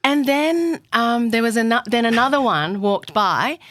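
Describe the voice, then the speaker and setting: A woman's voice: on the high side, unhurried, dry recording. A woman telling personal stories in a candid podcast conversation, laughing often and acting out what people said. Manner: animated storyteller, laughs often, acts out quotes. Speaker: guest.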